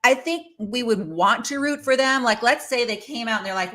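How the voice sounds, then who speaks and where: A woman's voice: fairly high pitch, expressive, normal speed, hardly any pauses, a bit bright. A woman hosting her own show, giving casual, opinionated commentary on celebrity news with lots of fillers and asides. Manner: chatty and opinionated, with many fillers. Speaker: host.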